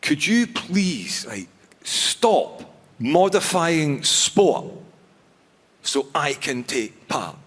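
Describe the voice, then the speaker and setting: A man performing a stand-up set on a theatre stage, with a halting, self-mocking delivery full of restarts. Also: a little high, big pitch swings, a bit bright. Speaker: stand-up comedian. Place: large theatre stage before a live audience. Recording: long theatre reverb.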